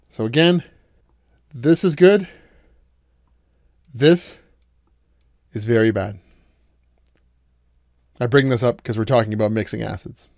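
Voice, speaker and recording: A man's voice: mid-range voice, animated, normal speed, long pauses, dry recording. Guy lecturing math step by step, patient, super dry close sound. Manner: patient, explains step by step with questions to students. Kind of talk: recorded lecture.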